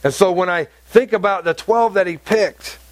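Male pastor, high voice, animated conversational sermon, dry close recording. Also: normal speed, no echo. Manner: conversational, animated preaching with acted-out quotes.

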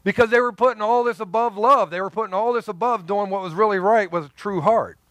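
A man's voice: high voice, fast, a bit bright, no room sound. A man preaching a sermon as a pastor, conversational and emphatic, often repeating himself and adding joking asides.

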